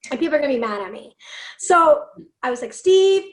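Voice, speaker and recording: A woman with a raspy voice, a singer guesting on a podcast, telling stories excitedly and swearing freely. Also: high voice, fast talker. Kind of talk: casual chat.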